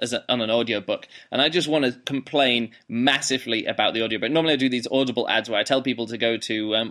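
Bright-voiced man hosting a rambling book podcast. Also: mid-range voice. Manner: rambling, animated, lots of fillers and restarts. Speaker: podcast host. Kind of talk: casual book podcast chat. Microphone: laptop microphone.

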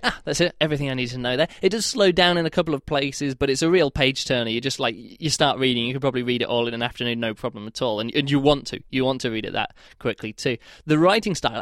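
A man's voice: medium pitch, a bit bright, no room sound, clean studio sound. Rambling man casually reviewing a book. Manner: rambling, hesitant, full of "like" and restarts.

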